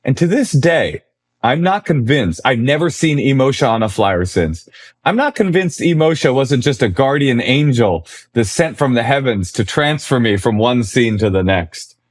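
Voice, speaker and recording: A man in his forties, a comedian guest, telling a story in a conversation, animated and self-deprecating. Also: medium pitch, moderate pace.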